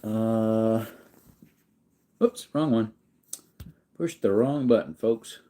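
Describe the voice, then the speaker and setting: A man hosting a livestream, reading viewer comments aloud in a relaxed, rambling way while yawning. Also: fairly low pitch, drawn-out words. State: sleepy, yawning. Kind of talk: casual chat.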